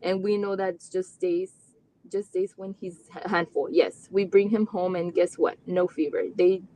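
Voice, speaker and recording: A woman's voice: fairly low pitch, measured pace, a little hiss or hum. A woman, a mother, telling her family's story in an earnest, heartfelt way, with long run-on sentences and many "like" fillers. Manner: animated when retelling conversations. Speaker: parent guest. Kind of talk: candid personal storytelling in a live interview.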